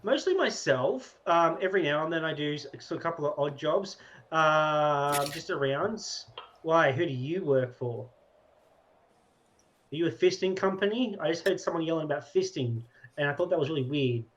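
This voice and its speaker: A man with an Australian accent playing a tabletop game over voice chat, rambling and halting as he talks in character. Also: fairly high pitch, animated, a bit bright, highs cut off. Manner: rambling, halting, self-amused. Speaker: tabletop player. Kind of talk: casual in-character role-play. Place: home room over voice chat.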